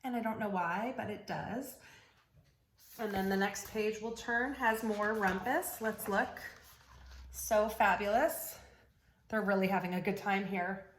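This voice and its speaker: A woman reading picture books aloud to young children in an animated, sing-song way, chatting with her listeners between pages. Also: medium pitch, unhurried, a little hiss or hum. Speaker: children's story reader. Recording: roomy echo.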